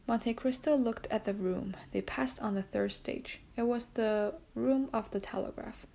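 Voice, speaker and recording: Woman narrator with a gravelly edge. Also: a little high, measured pace, hardly any pauses. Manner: steady, plain reading. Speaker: audiobook narrator. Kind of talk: audiobook narration.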